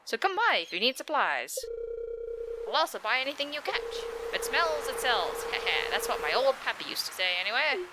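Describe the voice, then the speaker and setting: A woman's voice: high-pitched, sing-song, a little fast, heavy background noise, voice pushed up. A woman voicing a jolly, weathered old male fisherman in a video game, with a folksy, hearty seafaring drawl. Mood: jovial.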